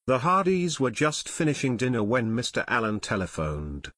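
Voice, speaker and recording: A man reading a novel aloud as audiobook narrator. His pitch moves a lot, and the sound is dry and close. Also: sing-song, unhurried, few pauses, a bit bright, breathy edge, dry recording. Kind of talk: scripted narration.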